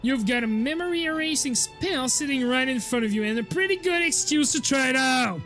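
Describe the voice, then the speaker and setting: Casual French-accented woman streamer, high voice. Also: lively intonation, a little fast, a bit bright, faint music behind. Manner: casual, swears, reacts to chat. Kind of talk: reading a game aloud on stream.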